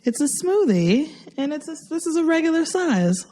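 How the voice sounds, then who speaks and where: A woman's voice: high voice, very animated, normal speed, dark tone. A woman co-hosting a podcast, bantering casually and teasing her co-host. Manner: teasing, playful.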